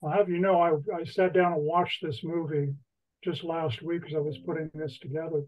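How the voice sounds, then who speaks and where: A woman hosting an online trivia game, reading questions slowly and deliberately with a light laugh now and then. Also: low-pitched, level tone, highs cut off. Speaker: trivia host.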